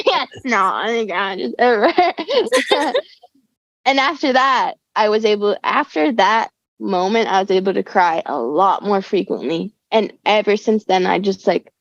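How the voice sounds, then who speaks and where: A woman's voice: mid-range voice, dry recording. Slangy young woman, dull dry call audio. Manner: laid-back slangy talk, says dude and bro. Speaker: guest musician. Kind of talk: casual conversational interview. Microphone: remote call.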